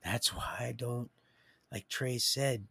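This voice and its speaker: Gravelly man rambling on a livestream. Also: medium pitch, fairly even intonation, takes it slowly, no echo. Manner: preachy, emotional, swings between hushed and loud.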